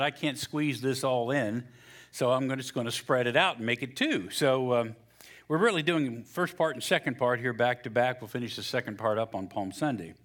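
A man preaching a sermon as a pastor, telling a joke and then reading scripture in a lively, storytelling way. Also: medium pitch.

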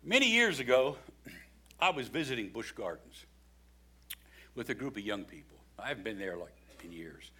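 A man preaching a sermon, lively and expressive, acting out the voices in his story. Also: mid-range voice, moderate pace, long pauses, slightly rough. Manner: animated preaching, acts out quoted voices. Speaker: pastor.

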